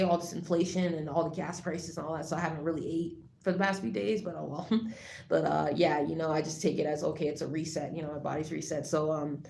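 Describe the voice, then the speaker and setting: A woman talking casually to the camera, rambling with lots of fillers and restarts, turning loud and heated as she rants. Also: deep voice, creaky. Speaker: vlogger. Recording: echoey room, faint background noise.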